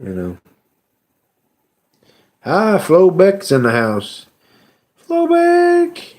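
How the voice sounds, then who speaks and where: A man chats with his live-stream audience at an ordinary middle pitch. He talks haltingly and emotionally, often trailing off into "you know" and "uh". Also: big pitch swings. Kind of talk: casual live-stream chat.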